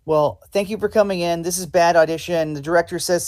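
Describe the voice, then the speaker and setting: A man's voice: a little high, steady tone, brisk, darkish tone. Man hosting a live improv show. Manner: polite, hesitant with many ums. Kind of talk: hosting live improv, playing a casting director.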